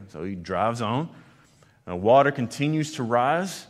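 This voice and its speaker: A man's voice: medium pitch, very animated. Earnest male pastor preaching in a hall. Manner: earnest preaching, swinging between loud emphasis and quiet slow lines. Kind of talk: sermon. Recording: long hall reverb.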